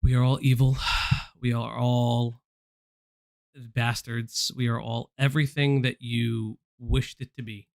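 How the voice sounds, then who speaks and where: A man's voice: medium pitch, level tone, measured pace, a little mellow, no room sound, clean studio sound. A man hosting a live stream, speaking bluntly and confrontationally to someone he addresses directly. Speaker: stream host. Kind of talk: casual live-stream commentary.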